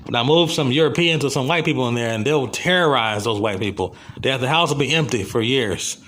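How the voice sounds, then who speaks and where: A man's voice: mid-range voice, fairly quick, fairly bright tone, slight background noise. An American man delivering a rambling, impassioned video commentary, repeating himself as he goes. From USA. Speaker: vlogger.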